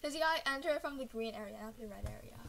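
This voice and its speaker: A woman hosts a relaxed gaming session with a high-pitched voice. She coaches her friend in a teasing, giggly way. Her tone is bright and forward. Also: very fast, vocal fry, a little hiss or hum. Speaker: gaming channel host. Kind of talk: casual gaming chat.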